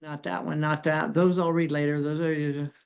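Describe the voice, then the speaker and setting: A moderator with a smooth, resonant voice at a middle pitch reads chat comments aloud over a video call. The reading is halting, with muttered asides between comments. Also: level tone, lo-fi sound.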